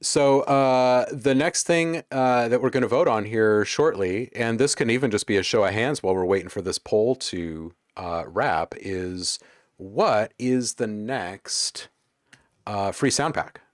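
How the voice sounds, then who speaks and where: A man hosting a casual livestream, chatting with viewers in a relaxed, joking way while browsing sound packs. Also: on the low side, measured pace, dry recording, studio quality. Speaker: livestream host.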